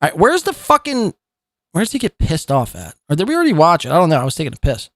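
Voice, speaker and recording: A man's voice: on the high side, wildly swooping pitch, fast, fairly bright tone, no room sound, clean studio sound. A man hosting a live commentary podcast, talking in a profane, mocking and rambling way. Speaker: podcast host.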